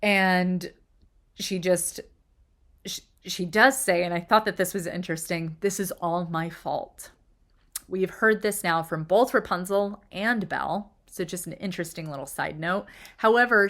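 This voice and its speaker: Hosting a video about film characters, a woman walks casually and emotionally through a movie's plot. Her chatty analysis rises sharply in pitch when she gets excited and drops into whispered asides.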